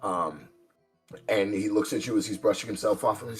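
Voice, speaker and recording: A man's voice: lowish voice, steady tone, moderate pace, slightly rough, soft background music. A man narrating a tabletop horror game as game master, loose and hesitant, with many fillers.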